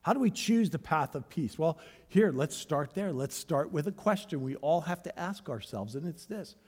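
A man preaching a sermon as pastor, swinging between hushed, searching questions and loud, rising calls to the congregation. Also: on the high side, lively intonation, normal speed. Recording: long hall reverb.

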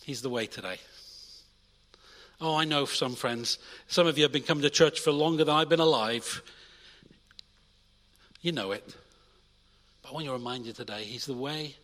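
A young adult man preaching a sermon in a church, energetic, swinging between loud urging and quiet intimate asides. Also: medium pitch, normal speed, long pauses, long reverb tail. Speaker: pastor.

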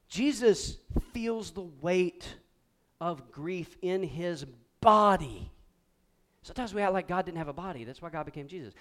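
A man preaching a sermon to a live congregation with a high, smooth, resonant voice. He drives his points with energy and has the crowd repeat key words back to him. It is a spirited pulpit delivery. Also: unhurried. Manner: animated preaching with call-and-response to the congregation. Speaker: pastor. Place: church sanctuary before a congregation.

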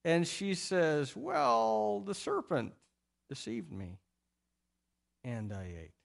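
A middle-aged man preaching a sermon as pastor, telling the story in an animated way with playful acted-out quotes. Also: fairly high pitch, slow pace, gravelly.

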